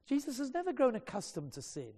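Preacher, male, earnest storyteller with a warm voice who restarts phrases, recorded with long reverb. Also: very high-pitched, wildly swooping pitch, quick pace, slightly rough. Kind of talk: sermon storytelling.

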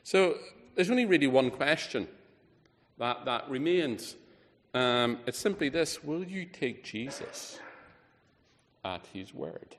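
A man preaching a sermon, emphatic, rising on key words and falling low and quiet at the ends of phrases. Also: very animated, slow, pauses often. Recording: reverberant hall.

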